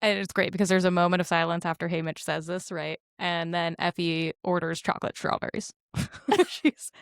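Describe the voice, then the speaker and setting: A podcast co-host with a fairly low, gravelly yet clear and resonant voice discusses a movie scene by scene at a moderate pace. Lively and full of laughter, she acts out lines from the film. Her clean studio recording has no echo.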